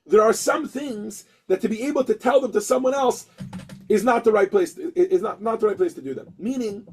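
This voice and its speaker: Husky high-voiced man teaching a lesson. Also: rough recording. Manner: animated storyteller acting out characters, frequent restarts. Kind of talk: storytelling lesson.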